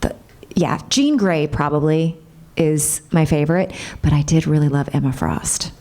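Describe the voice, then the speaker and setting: A voice actress chatting bubbly and gushing with fans at a convention panel. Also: female voice, sits low, moderate pace, warm tone.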